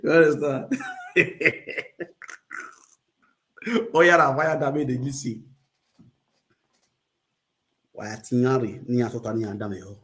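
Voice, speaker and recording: A man's voice: medium pitch, fairly even intonation, takes it slowly, long pauses, a bit bright. A man with a Nigerian accent hosting a casual livestream chat, rambling, repeating catchphrases and laughing often. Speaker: livestream host.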